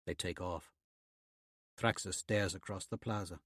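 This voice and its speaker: A man narrating a fantasy audiobook in a steady, measured way. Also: low-pitched, no echo, clean studio sound. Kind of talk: scripted narration.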